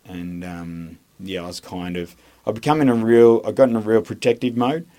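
A former army instructor, now a podcast guest, rambles loosely through his army stories in a casual interview. He's a deep-voiced Australian with a low register, fairly even intonation, a moderate pace and a mellow sound. He swears freely, circles back with "um"s and false starts, and gives blunt opinions.

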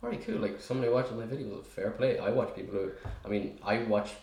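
A man's voice: lowish voice, fairly even intonation, brisk, crowd noise. A young man who makes videos, chatting casually and self-deprecatingly. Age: young adult. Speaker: video creator. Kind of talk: casual chat. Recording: echoey room with faint noise.

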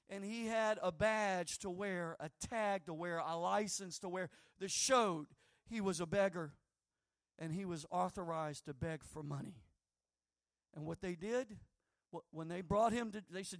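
A man preaching a sermon with fervor, swinging between shouting and hushed tones. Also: high-pitched, no echo, studio quality.

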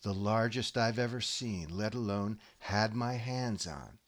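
A man's voice: on the low side, measured pace, close to an everyday voice. A man reading the lines of a flirty woman in a comic parody story, cooing and pleading.

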